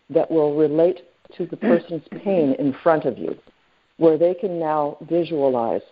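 Low-voiced woman coaching over a phone line. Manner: chatty, with many fillers and friendly questions to the group. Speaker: sales trainer leading a group call. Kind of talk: coaching talk on a conference call.

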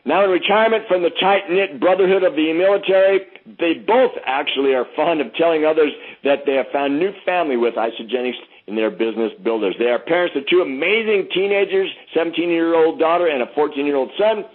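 A man's voice: a little high, quick pace, few pauses, husky. A man hosting a conference call, introducing a guest with effusive praise and frequent restarts. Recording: phone-line conference call.

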